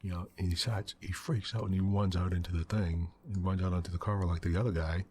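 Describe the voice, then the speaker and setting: A man with a very deep, low voice talks in hushed, soft-spoken ASMR gaming commentary. He rambles loosely through a story, leaning on "you know" as he goes. A faint background hiss sits under his voice. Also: fairly even intonation, fast talker. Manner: quiet, hushed delivery. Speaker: gaming channel host.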